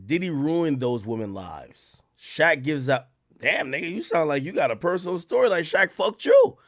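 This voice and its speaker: A man doing casual live-stream commentary, reacting to clips and reading out donations, with loud animated outbursts. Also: fairly high pitch, normal speed. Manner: animated, loud bursts of laughter and shouting, reads donations.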